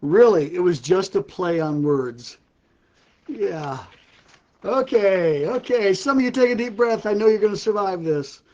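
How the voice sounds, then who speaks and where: An older man hosts a casual ministry live stream from a live-stream setup, telling puns and repeatedly breaking into laughter at his own jokes. His voice is high and a little mellow, with lively intonation and a slightly slow pace, and the highs are cut off.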